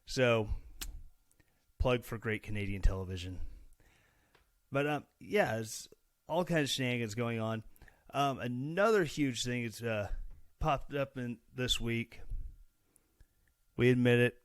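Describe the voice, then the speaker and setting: A man's voice: mid-range voice, a little slow, long pauses, smooth, no echo, studio quality. A man from Missouri hosting a casual podcast, chatty and sarcastic with a self-mocking streak. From Missouri, USA. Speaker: podcast host. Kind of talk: casual solo podcast commentary.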